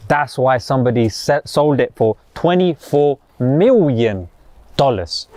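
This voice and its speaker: A man gives a motivational talk to camera, animated and slangy, firing off rhetorical questions. His voice sits a little high and the sound is close and dry, with no room around it. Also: no room sound. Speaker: host.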